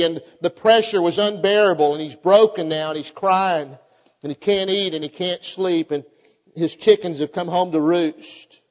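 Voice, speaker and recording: A man's voice: high voice, a little mellow. A man preaching a fervent sermon, often calling out to his congregation and repeating his points. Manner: fervent, repetitive, calls out to the congregation. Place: church. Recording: dull audio with long church reverb.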